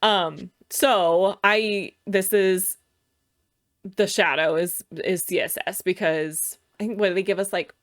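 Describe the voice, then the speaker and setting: A woman's voice: medium pitch, fairly even intonation, takes it slowly. A woman co-hosting a casual chat, thinking aloud with fillers and laughing often. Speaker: co-host. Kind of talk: casual chat while sharing screen.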